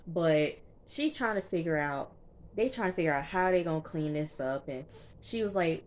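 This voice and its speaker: A woman's voice: deep voice, expressive, normal speed, a little hiss or hum. A woman chatting casually through a TV episode recap, emphatic and full of fillers, talking straight to her viewers. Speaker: TV recap vlogger.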